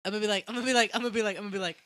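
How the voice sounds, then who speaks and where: A man's voice: high voice, fairly even intonation, rapid-fire, sharp tone, no room sound. A young man co-hosting a casual podcast, slangy and profane, joking and laughing with his friend. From Mexican heritage. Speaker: podcast co-host. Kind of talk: casual podcast banter and freestyle rap.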